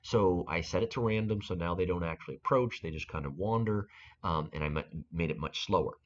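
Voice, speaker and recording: Low-voiced man explaining with halting restarts. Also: dull audio, a little hiss or hum. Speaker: game-making tutorial host. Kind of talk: screen-recorded software tutorial.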